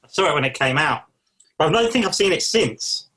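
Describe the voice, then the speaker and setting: Bright-voiced man telling anecdotes. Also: fairly high pitch, animated, a little fast, low-quality recording. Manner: anecdotal, hedging, acts out quotes. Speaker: podcast co-host. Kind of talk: casual film chat.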